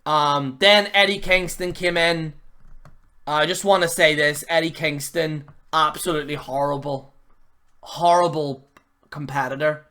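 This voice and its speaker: Hosting his own channel, a man delivers a blunt, heated wrestling review in a slightly high, sharp voice with a steady tone and measured pace. It's a ranting video review full of casual slang, fillers, restarts, and repeated jabs.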